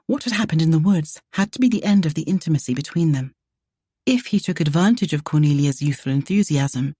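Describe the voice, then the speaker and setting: Soft, dark-voiced woman narrator. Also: deep voice, slightly rough, no room sound, studio quality. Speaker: audiobook narrator. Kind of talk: scripted romance narration.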